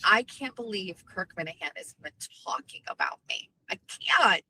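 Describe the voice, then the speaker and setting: A middle-aged woman hosting a podcast, ranting brashly with lots of swearing and animated storytelling. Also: medium pitch, moderate pace, breathy edge, rough recording. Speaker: podcast host. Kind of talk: profane livestream rant.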